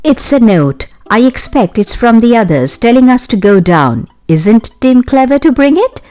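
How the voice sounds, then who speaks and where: A woman doing an excited little girl. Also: on the high side, moderate pace, faint music behind, pitched above the performer's own voice. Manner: eager, impatient.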